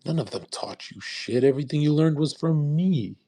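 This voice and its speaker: A man's voice: on the high side, animated, moderate pace, warm tone. A young man in his twenties hosting a live audio room, talking in a crude, combative and boastful way. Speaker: livestream host.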